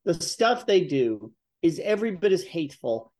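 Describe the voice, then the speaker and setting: A man's voice: on the high side, very animated, moderate pace, darkish tone. A man, a guest writer on a talk show, speaking in an indignant, emphatic way.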